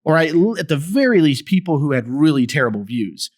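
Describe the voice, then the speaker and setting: A man hosting a podcast, giving solo political commentary in an emphatic, animated way with sarcastic asides. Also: on the high side, fairly quick. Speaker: podcast host.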